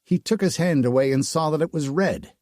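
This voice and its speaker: A man reading a dark fantasy audiobook aloud in slow, dramatic storytelling. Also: fairly high pitch, no echo, studio quality. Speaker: audiobook narrator. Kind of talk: scripted narration.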